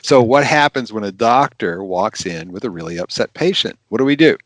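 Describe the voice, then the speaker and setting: A man, a physician, giving practical advice in an animated, emphatic podcast interview, repeating his key phrases. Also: lowish voice, a little fast, no echo.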